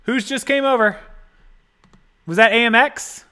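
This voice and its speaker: Man, livestream host, high voice, bright, rambling, casual chat. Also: measured pace, smooth. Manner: rambling, thinks aloud while fiddling with settings; thanks viewers for donations. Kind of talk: casual live-stream chat.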